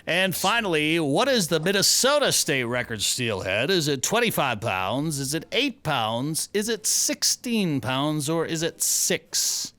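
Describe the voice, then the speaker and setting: A man's voice: fairly high pitch, big pitch swings, measured pace, hardly any pauses, sharp tone, no room sound. A man hosting a radio show, chatting casually and running a trivia segment in a loose storytelling way.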